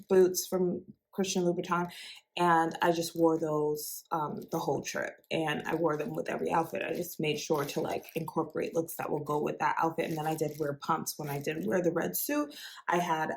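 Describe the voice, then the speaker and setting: A woman chatting through a casual storytelling unboxing vlog in an excitable, conversational way. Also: fairly low pitch. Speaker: fashion vlogger.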